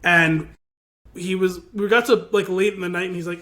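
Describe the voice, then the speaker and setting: A man co-hosting a podcast, telling a rambling, animated story with laughter over a remote call. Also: sits high, moderate pace. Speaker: podcast co-host. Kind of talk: casual chat. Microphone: video call.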